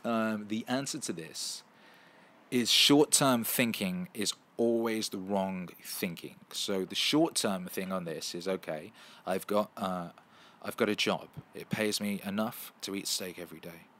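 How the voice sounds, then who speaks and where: A man, hosting a casual livestream and answering viewer questions in a profane, animated way, full of restarts. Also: lowish voice, a little slow.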